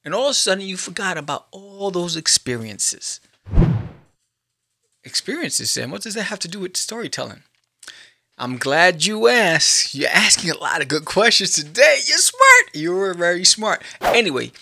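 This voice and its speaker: A man hosting a podcast, giving an animated motivational talk straight to the listener and acting out little scenes. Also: a little high, creaky. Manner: animated, addresses listener directly, acts out scenes. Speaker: podcast host. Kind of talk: motivational monologue.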